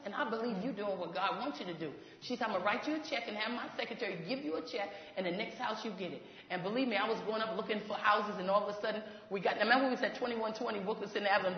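A woman in ministry telling a faith testimony, animated and laughing as she goes, acting out what others said. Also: a little high, a little hiss or hum. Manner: animated, laughs while talking, acts out quoted voices. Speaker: ministry leader. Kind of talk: testimony storytelling. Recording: echoey hall, dull lo-fi sound.

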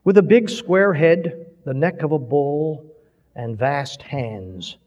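A man's voice: on the high side, slow, darkish tone. Male preacher, storytelling sermon, dramatic rises and falls, muffled dull recording. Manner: dramatic, swelling and dropping delivery. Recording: dull recording with long hall reverb.

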